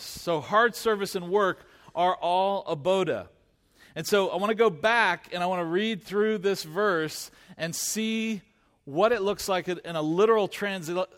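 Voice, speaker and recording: Male pastor mid-sermon, high-pitched, emphatic, repeats for stress, reverberant sanctuary. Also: fairly bright tone. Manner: emphatic, repeats key phrases, slows to stress words.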